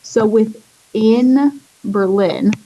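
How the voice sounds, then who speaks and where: A woman teacher giving a casual history lesson, chatty and relaxed, using lots of fillers as she draws and explains. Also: on the high side, very slow, muffled recording. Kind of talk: casual classroom lecture.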